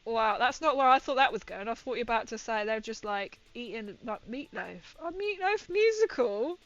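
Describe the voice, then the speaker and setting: A woman's voice: fairly high pitch, brisk, a bit bright, no echo, lo-fi sound. A woman painting miniatures and chatting with viewers in a rambling, giggly way. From Britain. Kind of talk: casual chat while painting.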